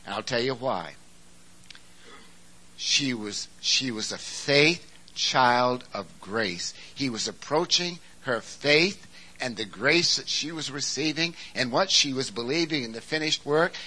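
A man preaching with a husky, very bright, forceful edge to his voice. He moves from calm explanation to sudden loud, shouted peaks when he drives a point home. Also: mid-range voice, poor audio. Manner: preaching with big swings, rising to shouts for emphasis. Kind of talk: sermon.

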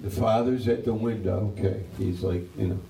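A man preaches in a slow, easygoing Bible-teaching style, voicing the characters as he tells the story. His voice is low, dark and gravelly. He is recorded from a distance in a roomy, echoing hall. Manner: animated storytelling, acting out characters in dialogue.

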